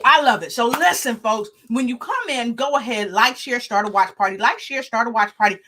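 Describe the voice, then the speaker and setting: A woman's voice: medium pitch, breathy edge. A woman hosting an online talk show, hyping viewers with playful call-outs and repeated chants. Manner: animated, hypes the audience, chanting and call-outs. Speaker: host.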